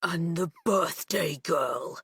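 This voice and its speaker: A woman's voice: on the low side, slow, slightly rough, dry recording, clean studio sound, exaggerated voice. A woman voicing a theatrical teenage boy. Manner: theatrical, hushed and drawn out. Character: teasing teenage boy telling a ghost story. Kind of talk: audiobook character voice.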